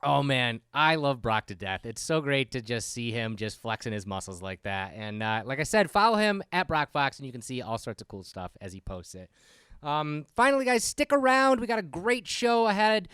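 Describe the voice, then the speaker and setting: A man hosting a podcast in casual chat, animated and rambling, laughing often. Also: medium pitch, normal speed, smooth, dry recording, clean studio sound. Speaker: podcast host.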